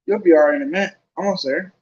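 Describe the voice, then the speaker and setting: A man voicing a bossy, clever schoolgirl who speaks sharply and turns shrill. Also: racing, darkish tone, breathy edge, highs cut off. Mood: soothing.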